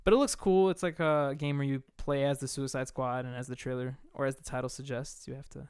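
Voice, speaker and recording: A man co-hosting a podcast in casual chat, telling stories with animated quoted voices. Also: mid-range voice, brisk, clean tone, no room sound, clean studio sound. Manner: animated storytelling, quotes others in put-on voices. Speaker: podcast co-host.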